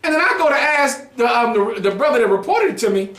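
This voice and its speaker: A man's voice: extremely high pitch, expressive, quick pace, a bit bright, reverberant. A man preaching to a group in a heated, mocking way, swearing freely. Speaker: group teacher. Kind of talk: street preaching.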